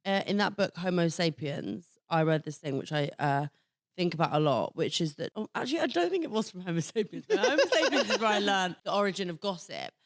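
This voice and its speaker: A woman's voice: lowish voice, sing-song, brisk, no room sound, studio quality. Chatty frank woman. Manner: chatty, rambling, frank, laughing. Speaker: podcast guest, comedian. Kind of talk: casual podcast chat.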